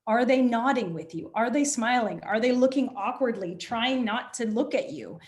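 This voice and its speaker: Upbeat woman coaching a virtual workshop on presenting, lively and hands-on, sounds like a video call. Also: on the high side, normal speed. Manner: energetic, animated, demonstrative. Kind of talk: online workshop lecture.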